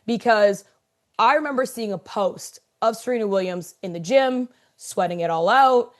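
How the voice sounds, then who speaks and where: A woman co-hosts a sports podcast in casual chat, talking conversationally with fillers and building up to emphatic points. Her voice is fairly high-pitched, at a moderate pace.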